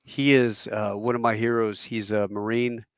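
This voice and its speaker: Speaking at normal speed with a clean tone on the low side, a former Marine pilot in his fifties hosts a podcast and wanders through anecdotes, animatedly acting out whoever he's quoting. The studio sound is clean, with no room sound.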